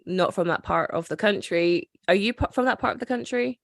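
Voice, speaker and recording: A woman hosting a casual film discussion, chatty and quick to act out scenes from the story. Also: mid-range voice, gravelly, dry recording, clean studio sound. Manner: chatty, recounts scenes with quoted voices. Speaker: podcast host.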